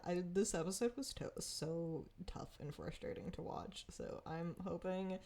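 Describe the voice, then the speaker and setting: Young woman, low-ish voice, talks casually and animatedly, laughs a lot; a candid vlogger reviewing a show. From Pacific Northwest. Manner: animated, frustrated, laughs often.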